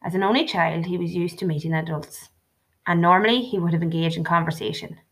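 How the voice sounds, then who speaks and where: Woman audiobook narrator, deep voice, gravelly fry, measured reading. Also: fairly even intonation. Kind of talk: scripted narration.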